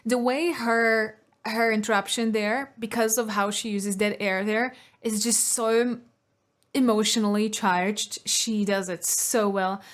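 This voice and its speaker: Vocal coach woman, slightly high voice. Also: steady tone, a little slow. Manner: analytical, breaks into short sung demonstrations. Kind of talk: reaction commentary on vocal technique.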